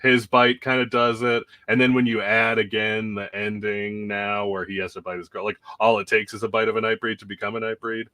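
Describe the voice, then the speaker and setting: Laughing, rambling man, bright tone. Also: lowish voice, level tone, a little fast, hardly any pauses, no room sound. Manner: rambling, laughs often while talking. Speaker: podcast host. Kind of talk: casual chat about a film.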